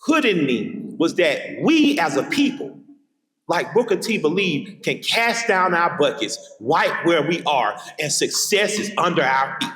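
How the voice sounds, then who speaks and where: A man's voice: fairly high pitch, sing-song, a little slow, a bit bright. Southern man giving an echoing keynote. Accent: Southern US, Atlanta. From Atlanta, Georgia. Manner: emphatic, rhythmic repetition, vivid storytelling. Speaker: keynote speaker. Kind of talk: keynote speech with personal storytelling. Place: large hall at a college. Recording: echoey hall with long reverb.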